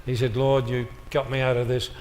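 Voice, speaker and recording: A man's voice: medium pitch, flat delivery, brisk, darkish tone. A man speaking to a live audience as a motivational speaker, telling stories with emphatic, punchy one-liners. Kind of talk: storytelling speech to an audience. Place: large hall with a live audience. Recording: reverberant hall with faint noise.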